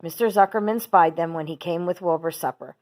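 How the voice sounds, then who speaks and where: A teacher reading a children's book aloud, steady and expressive. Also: female voice, lowish voice, brisk.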